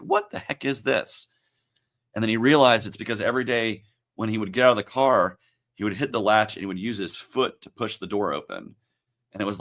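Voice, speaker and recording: A man's voice: fairly low pitch, fairly bright tone. Emotional man turning forty. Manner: emotional, reflective, halting. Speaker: livestream host. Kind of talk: casual livestream talk.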